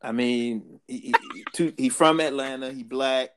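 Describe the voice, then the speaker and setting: A man's voice: mid-range voice, fairly even intonation, moderate pace. A man co-hosting a podcast in casual chat, talking emphatically in street slang and laughing often, like he's preaching to a friend. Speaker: podcast co-host.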